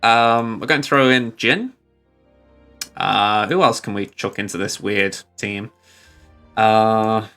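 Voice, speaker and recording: Commentating his gameplay in a casual way, this man speaks with a fairly low pitch and a sharp tone. His talk is rambling and self-deprecating, punctuated by chuckles as he discusses his moves.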